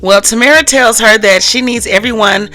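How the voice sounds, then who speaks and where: A woman hosting a casual recap channel, retelling a skit in a chatty, animated way. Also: fairly high pitch, moderate pace, soft background music. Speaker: host.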